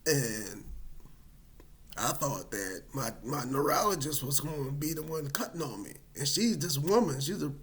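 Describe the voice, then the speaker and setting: A man recounting a personal story in a loose, casual way, full of fillers and dramatic emphasis. His voice sits slightly high and swings widely in pitch, which keeps the telling animated. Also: moderate pace.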